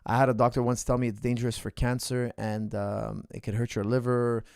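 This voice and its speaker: A man's voice: medium pitch, flat delivery, a little fast, vocal fry, a little mellow, clean tone, dry recording. Man in his 40s, coach, casual live stream chat, emphatic repetition, dry close sound. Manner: candid, repeats points for emphasis. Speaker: coach answering viewer questions.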